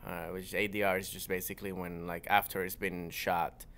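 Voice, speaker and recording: A young man, a comedian and voice actor, chatting casually as a guest, relaxed and rambling, full of fillers and restarts. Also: low voice, normal speed. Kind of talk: casual interview chat.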